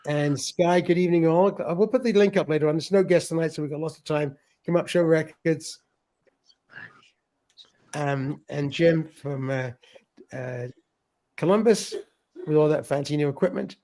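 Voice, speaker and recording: A middle-aged man hosts a relaxed livestream, greeting viewers by name and reading their comments. His voice sits a little high for a man. He chuckles a lot and stumbles over words as he goes. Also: moderate pace, long pauses. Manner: chatty, laughs often, stumbles and repeats words. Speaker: livestream host.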